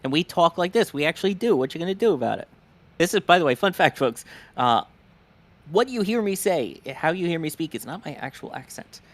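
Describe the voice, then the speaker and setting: Joking man with a softened Jersey accent. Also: on the high side, sing-song. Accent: softened North Jersey. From New York, New Jersey border. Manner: joking, quick banter. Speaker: livestream co-host. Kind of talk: casual live commentary.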